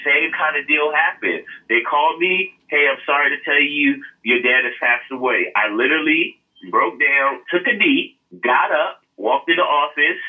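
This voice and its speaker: Earnest man with a bright, husky voice. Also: fairly high pitch, normal speed, rough recording. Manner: earnest storytelling with frequent laughs and fillers. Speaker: podcast co-host. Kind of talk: casual podcast chat.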